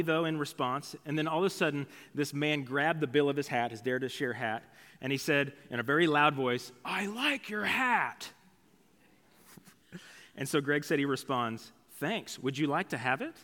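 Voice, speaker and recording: A man's voice: fairly high pitch, a little fast, fairly bright tone. A male pastor preaching a sermon in a conversational, storytelling way, with casual asides. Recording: long hall reverb.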